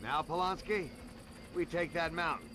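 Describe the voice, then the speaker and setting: A man's voice: on the high side, moderate pace, lightly acted. An actor playing a tough male Marine sergeant in a war video game, barking commands at his squad. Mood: commanding. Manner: barked commands. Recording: game audio with clear background noise.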